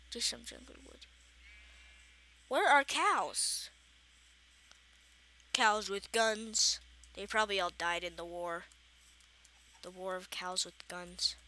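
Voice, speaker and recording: A gaming channel host with a slightly high, bright, forceful voice chats casually over her own Minecraft survival let's play, talking to herself with playful exasperation as she plays. Slight background noise is present.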